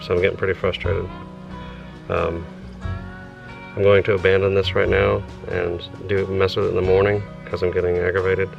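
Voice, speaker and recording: A man, talking frankly and rambling as he thinks out loud in a casual homestead vlog, outdoors. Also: low-pitched, creaky, low-quality recording. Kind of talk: casual vlog talk to camera.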